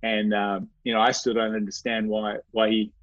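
A man's voice: fairly low pitch, completely flat delivery, moderate pace, a bit bright, no echo. A man as an interview guest telling a personal faith story, earnest and reflective, often restarting and repeating his words. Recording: dry, slightly dull recording.

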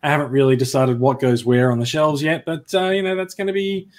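A man's voice: fairly high pitch, fairly even intonation, a little fast. Upbeat Australian man hosting a podcast. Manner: upbeat, chatty, laughs easily. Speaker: podcast host. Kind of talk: casual chat. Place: home study.

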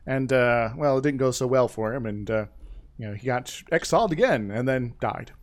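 A man talks casually at an ordinary pitch, rambling loosely with plenty of fillers and restarts. He sounds like a podcast co-host retelling history off the cuff. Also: animated, normal speed. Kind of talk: casual chat.

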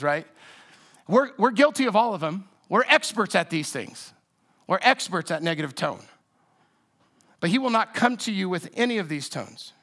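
A man's voice: fairly high pitch, fairly bright tone. A man preaching a sermon in a conversational, reflective way with frequent restarts. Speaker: pastor.

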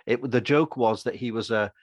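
A man's voice: mid-range voice, normal speed, no echo. Chatty man, dry close sound. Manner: rambling, animated, acts out quotes. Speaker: podcast co-host and actor. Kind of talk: casual opinionated chat.

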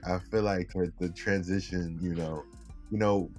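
Faint music plays behind this young male podcast co-host, whose low, darkish voice moves a little slowly with fairly even intonation. His casual chat is relaxed and rambling, full of restarts.

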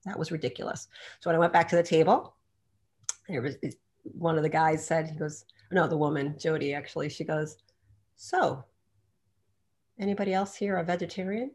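A woman with a somewhat low voice tells a story in a relaxed interview. She acts out the quotes in lively bursts and laughs often as she talks. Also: brisk. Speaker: doctor and podcast guest.

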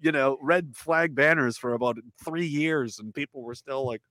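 A man's voice: mid-range voice, normal speed, no echo. A man, a guest in a casual chat, telling stories with energy and mocking other people's words in put-on voices. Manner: animated storytelling, mocking voices in quotes.

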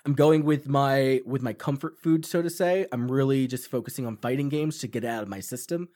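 Young new dude on a podcast, swears a lot, does little voices for quotes, super animated. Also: male voice, medium pitch, fairly quick. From Long Island, New York. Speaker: podcast co-host. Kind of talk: casual chat.

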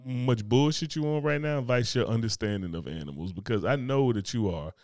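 A man's voice: mid-range voice, expressive, brisk, a little mellow, no echo, clean studio sound. A man co-hosting a casual podcast chat, joking around and swearing. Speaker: podcast co-host.

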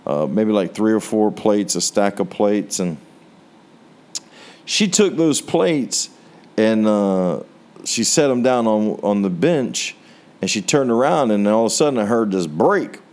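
A man's voice: fairly low pitch, sing-song, a little slow, darkish tone. An American man preaching a sermon, telling a personal testimony in an earnest storytelling way, his voice rising on rhetorical questions. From United States. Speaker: pastor.

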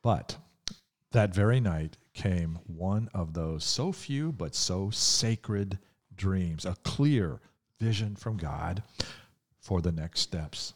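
Deep-voiced folksy older preacher. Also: male voice, expressive, slow pace. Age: 60s or 70s. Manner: folksy, conversational storytelling. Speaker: preacher and podcaster. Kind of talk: podcast sermon.

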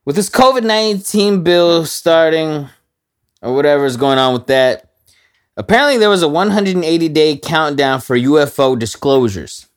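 A man's voice: on the high side, expressive, moderate pace, clear, resonant tone. A man hosting a casual podcast, steering the banter with crude, laid-back humor. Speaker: podcast host.

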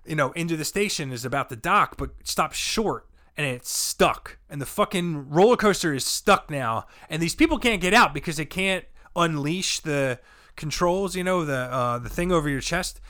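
A man, a comedian guest, telling a rowdy, profane story with animated delivery and sudden shouts. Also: a little high, moderate pace. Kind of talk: storytelling chat.

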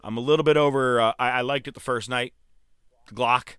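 A man talks in a casual back-and-forth, his voice bright and resonant, the recording close and dry. He gets excited fast, swears freely and laughs often. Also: medium pitch, clear, resonant tone, no echo. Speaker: podcast co-host. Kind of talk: casual chat.

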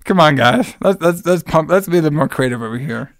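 A man co-hosting a casual movie recap podcast, joking and swearing a lot, and acting out characters in a high voice. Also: animated, fast, no room sound, studio quality. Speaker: podcast host.

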